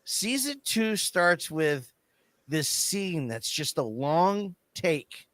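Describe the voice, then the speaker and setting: A man on a casual podcast rants and swears with big swings in his voice. His tone is bright and animated, recorded close and dry. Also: a little high, extremely slow, no echo. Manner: ranting, profane, animated. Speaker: podcast co-host. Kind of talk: casual chat.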